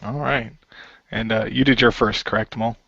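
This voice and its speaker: A man hosting a casual podcast chat, halting with fillers and laughing often. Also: mid-range voice, steady tone, gravelly, noisy background. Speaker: podcast host. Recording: dull lo-fi dry sound.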